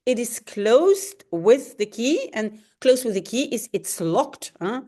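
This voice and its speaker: She's from Belgium, a native Dutch speaker, and her teaching consists of reading a comic out loud and slowly translating it. Animated throughout, she explains at a slow pace and throws in roars, booms and other sound effects.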